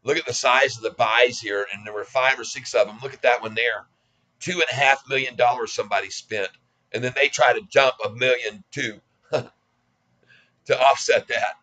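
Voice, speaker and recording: A man's voice: medium pitch, fairly even intonation, moderate pace, bright, forceful tone, poor audio. A man in his sixties giving casual stock market commentary in a folksy, cocky, self-mocking way. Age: 60s. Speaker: stock trading vlogger.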